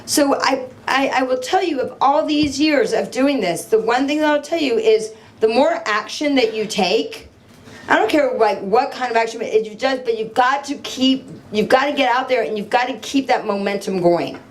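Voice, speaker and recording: A woman's voice: high-pitched, moderate pace. A middle-aged woman giving a live motivational talk on stage, telling stories animatedly, acting out dialogue and putting questions to the audience. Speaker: motivational speaker.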